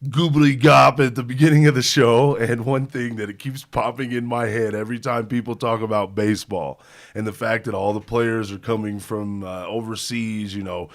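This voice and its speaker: Male podcast co-host, casual and animated, quick to laugh mid-story. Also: mid-range voice. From Indiana. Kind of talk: casual sports podcast chat.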